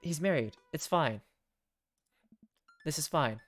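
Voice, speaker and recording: Low-voiced, lively joking woman gamer. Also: faint music behind. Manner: joking, self-mocking, quick asides. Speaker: gaming streamer. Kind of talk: casual let's-play commentary, reading game text aloud.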